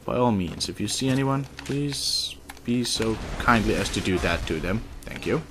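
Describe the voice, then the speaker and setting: A man's voice: on the low side, expressive, normal speed, background noise. A man commenting casually while playing a video game, politely addressing game characters and muttering curses. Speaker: gamer. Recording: loud keyboard typing behind.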